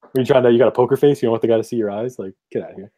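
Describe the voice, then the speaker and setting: A man's voice: mid-range voice, rapid-fire, warm tone. A man from Canada hosting a casual sports podcast, joking and reading out fight picks. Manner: laid-back, joking, reads fight card. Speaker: podcast host. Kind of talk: casual chat.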